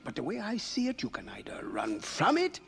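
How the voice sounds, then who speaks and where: An actor voicing an old male baboon mystic in an animated film, playful and wise, with a creaky, cackling voice and a slow, teasing, sing-song delivery. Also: high voice, soft background music, heavily acted.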